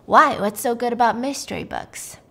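Woman doing a loud, pushy butcher's son. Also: on the high side, moderate pace, creaky. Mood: probing. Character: blunt middle-aged male butcher's son.

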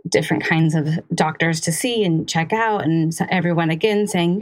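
A woman's voice: low-pitched, moderate pace. A woman in her thirties, a podcast guest speaking candidly in a conversational interview, laughing often. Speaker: podcast guest, cancer survivor.

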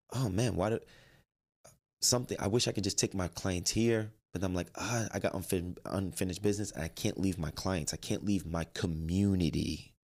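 This man, a life coach and trainer, shares a story from his own life in a deep, gravelly voice that keeps its crackly fry from start to finish. He animatedly plays out the dialogue, quoting himself and the other people involved.

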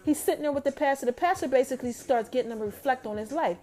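High-voiced woman recapping a TV episode. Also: racing, soft background music. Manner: animated storytelling, talking straight to viewers. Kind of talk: casual TV recap.

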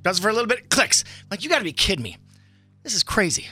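A man co-hosting a morning radio show, telling a story in an animated way and acting out his own shouting. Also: high-pitched, fast talker, husky, soft background music. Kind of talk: casual radio banter.

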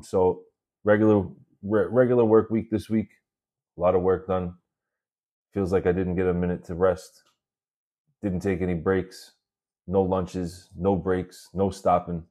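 A man with a very low voice hosts his own podcast, telling stories about his work week. He talks in a relaxed, chatty way and swears freely. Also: dull audio. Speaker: podcast host. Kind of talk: casual storytelling monologue. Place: working in New York City.

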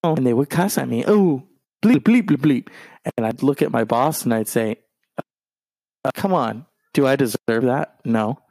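A man's voice: medium pitch, measured pace, creaky, a little mellow, no echo. A man hosting a podcast, rambling casually through anecdotes in a loose storytelling way. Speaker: podcast host. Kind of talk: casual monologue.

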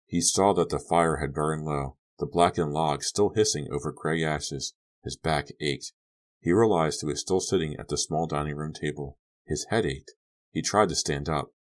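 A man narrating a young-adult horror audiobook in a calm, measured storytelling manner. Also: very deep voice. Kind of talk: scripted narration.

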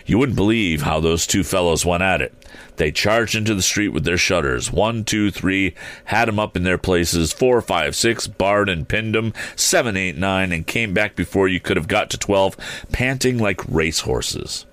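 Deep-voiced expressive male storyteller. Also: moderate pace, no room sound. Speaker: narrator. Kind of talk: audiobook reading.

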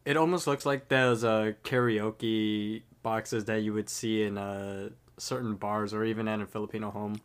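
A man's voice: lowish voice, fairly even intonation, normal speed, hardly any pauses. A man co-hosting a podcast, chiming in casually with short remarks and questions. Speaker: podcast co-host. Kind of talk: casual chat.

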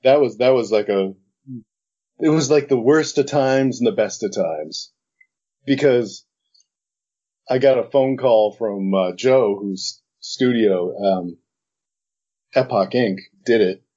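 A man's voice: mid-range voice, slow, pauses often, dark tone, slightly rough. A middle-aged man, an animation director, telling an interview anecdote and acting out both sides of old conversations. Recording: dull lo-fi recording.

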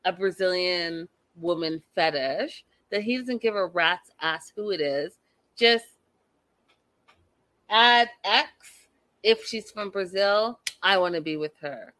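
A woman recapping a reality show in an animated, gossipy way, talking straight to her viewers. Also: medium pitch, slow pace, no echo.

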